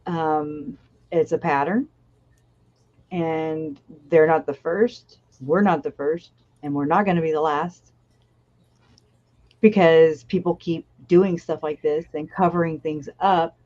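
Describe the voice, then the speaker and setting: A woman in relaxed conversation, her voice low and her pace unhurried. She stops and restarts her sentences and laughs often. The audio is a little dull and muffled. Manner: halting, laughs often, self-interrupting. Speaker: co-host of a true-crime live chat. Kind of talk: casual conversational chat.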